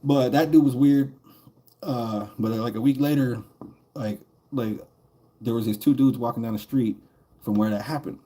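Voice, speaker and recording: A man's voice: mid-range voice, moderate pace, long pauses, warm tone. A man streaming a game while telling a story in a casual, profane, rambling way, laughing between lines.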